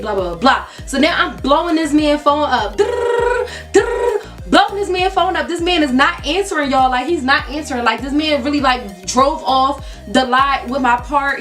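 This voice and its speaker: Animated high-voiced woman telling a storytime. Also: far from the mic. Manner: animated and exasperated, addresses viewers as y'all. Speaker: vlogger. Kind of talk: casual storytime.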